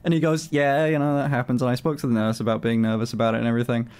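A man telling a story on his stream in a casual, animated way, swearing often and filling his talk with "like". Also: medium pitch, racing, clear, resonant tone. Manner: animated, swears a lot, many fillers.

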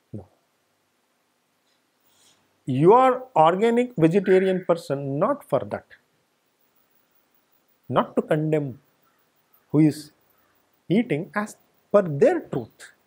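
A man's voice: high voice, a little mellow. A man giving a spiritual discourse, speaking emphatically and building his points through repeated phrases. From India. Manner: emphatic, repetitive lists. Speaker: spiritual teacher. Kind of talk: satsang discourse.

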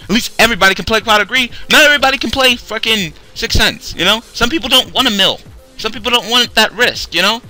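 A young man hosting a card game video, ranting angrily and sarcastically, swearing a lot, and swinging between loud outbursts and tired mumbling. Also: sits high, fast talker, soft background music. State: tired, low on energy. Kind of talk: profane rant to camera.

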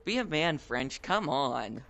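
A male gameplay host teasing his friends in excited gaming commentary, with loud outbursts. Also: a little high, takes it slowly, vocal fry, slight background noise.

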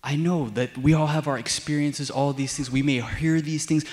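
A man's voice: a little high, steady tone, moderate pace, hardly any pauses, darkish tone. Young male deacon preaching casually. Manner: casual storytelling with frequent fillers. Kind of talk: sermon. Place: church sanctuary. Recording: long church hall reverb.

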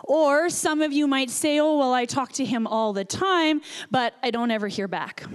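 High-voiced woman pastor preaching. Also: clean tone. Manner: storytelling, animated and earnest. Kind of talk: sermon.

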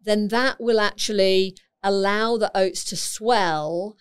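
A woman's voice: mid-range voice, takes it slowly, clean tone. A woman, a naturopath guest in a podcast interview, explaining nutrition in a chatty, explanatory way. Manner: chatty, explanatory, laughs easily. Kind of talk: casual interview chat.

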